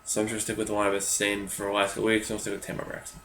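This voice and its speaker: A man's voice: on the low side, completely flat delivery, racing, fairly bright tone, slight background noise. A man co-hosting a casual recap chat, offhand and thinking aloud as he reads from his notes. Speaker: podcast co-host. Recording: echoey room.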